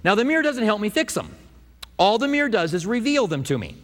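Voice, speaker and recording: A man preaching a sermon, telling stories and acting out quotes in an animated way. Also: high-pitched, quick pace, in a large hall. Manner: animated storytelling with acted-out quotes. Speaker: pastor.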